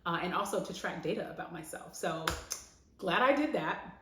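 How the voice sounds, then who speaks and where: A woman talks candidly to her camera in a home vlog, animated and quick to laugh, leaning on repetition for emphasis. Her voice sits on the low side for a woman. The room around her is echoey. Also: slight background noise. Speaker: vlogger. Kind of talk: reflective vlog talk to camera.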